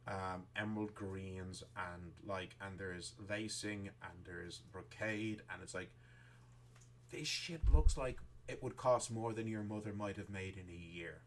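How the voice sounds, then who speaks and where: A man narrating a tabletop game as game master, rambling with many pauses and restarts. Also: lowish voice, bright, forceful tone, a little hiss or hum.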